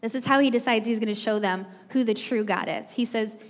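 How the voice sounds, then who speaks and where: A woman's voice: on the high side, a little fast. A woman preaching a sermon, retelling the story in a chatty way and speaking straight to the congregation. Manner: chatty storytelling, addresses the crowd directly. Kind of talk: conversational sermon. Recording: long reverb from a hall.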